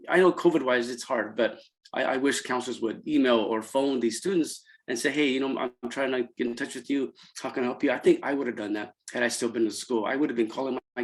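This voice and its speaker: Heartfelt and halting, this middle-aged Central Californian interview guest, who founded a college program, shares emotional stories conversationally with many restarts and fillers. His medium-pitched voice climbs when he quotes students, and the recording is rough.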